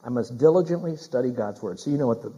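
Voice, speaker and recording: A man's voice: mid-range voice, expressive, fast, dark tone, breathy edge, muffled recording. A middle-aged man preaching a sermon as a pastor. He speaks emphatically, repeats his key phrases and puts questions straight to the congregation.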